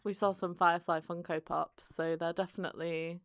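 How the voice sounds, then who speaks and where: A young woman co-hosting a podcast, chatting casually and agreeably, quick to laugh. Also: lowish voice, flat delivery. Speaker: podcast co-host. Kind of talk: casual chat.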